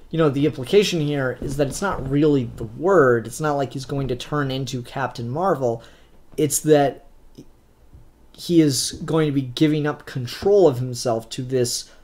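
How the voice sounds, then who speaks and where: A man's voice: medium pitch, darkish tone. A young man giving a casual comic book review in a blunt, ranting, profane manner.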